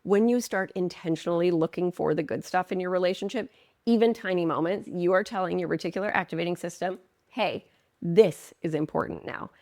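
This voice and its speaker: Low-voiced woman giving coaching advice. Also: fast, darkish tone, dry recording. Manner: earnest and emphatic, with playful asides. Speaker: marriage coach. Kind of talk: direct-to-camera coaching talk.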